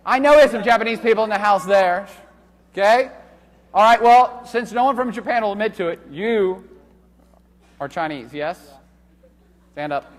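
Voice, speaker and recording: High, lively male lecturer in echoing hall. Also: moderate pace, pauses often. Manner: loud, animated, joking and profane. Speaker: university lecturer. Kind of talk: live classroom lecture. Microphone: handheld microphone.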